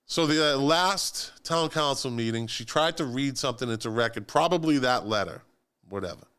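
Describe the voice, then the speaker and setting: A man co-hosting a political chat show from a studio, telling the story in an animated, sarcastic way. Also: mid-range voice, moderate pace, smooth. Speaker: co-host of a local politics livestream. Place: radio studio.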